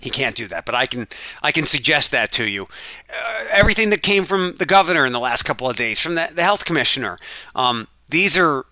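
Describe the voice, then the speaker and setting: Earnest man talking at home, bright tone. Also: a little high, very animated, fairly quick, dry recording. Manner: earnest, rambling, frequent restarts. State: isolating at home. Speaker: podcast host. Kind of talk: casual monologue.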